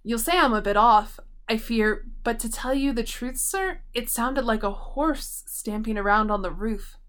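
A woman's voice: on the high side, measured pace, a bit bright. A woman reading a story aloud, voicing a timid male servant who speaks politely and apologetically. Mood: apologetic.

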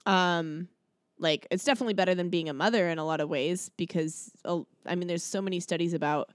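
A woman's voice: lowish voice, a little fast, no room sound, studio quality. A woman co-hosting a podcast, chatting casually about a movie with lots of fillers and easy laughs. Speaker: podcast co-host. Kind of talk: casual chat reviewing a movie.

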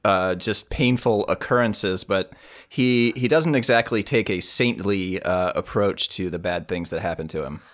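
A man co-hosting a casual podcast chat, chiming in with wry, quick-witted remarks. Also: low-pitched. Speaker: podcast co-host.

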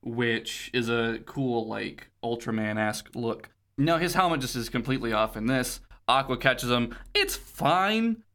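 A man's voice: mid-range voice, steady tone, normal speed, hardly any pauses, a bit bright. A man co-hosting a podcast in a casual chat, jokey, laughing often and swearing casually. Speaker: podcast co-host. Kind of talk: casual chat recapping a video game.

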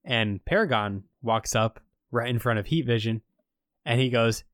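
A man's voice: medium pitch, normal speed, fairly bright tone, no room sound, clean studio sound. A man co-hosting a podcast, casually recapping an episode in a rambling way, full of fillers. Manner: rambling storytelling with many fillers. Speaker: podcast co-host recapping a show.

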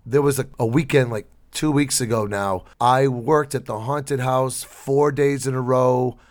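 A man co-hosting a comedy podcast, his voice hoarse and gravelly, telling wry, exasperated stories in casual chat. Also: medium pitch, steady tone, measured pace. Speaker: podcast co-host.

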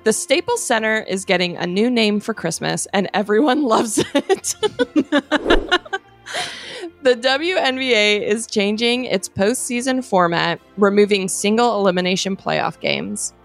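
A woman co-hosting a sports podcast, reading out headlines in a dry, matter-of-fact way. Her pitch sits in an ordinary middle range, with faint music under the track. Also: expressive, measured pace. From Chicago area. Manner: reads news items dryly, laughs between them. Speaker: podcast co-host.

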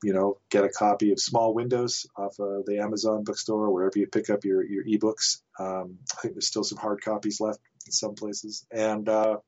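Podcast guest: canadian-raised man, low voice, rambling chuckling anecdotes, dull lo-fi audio. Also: flat delivery, normal speed, hardly any pauses, a little mellow. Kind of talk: casual anecdote telling.

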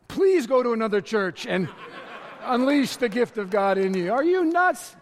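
A man preaching a lively, storytelling sermon and talking straight to his congregation in a large church. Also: very high voice, moderate pace. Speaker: pastor. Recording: long reverb of a large hall.

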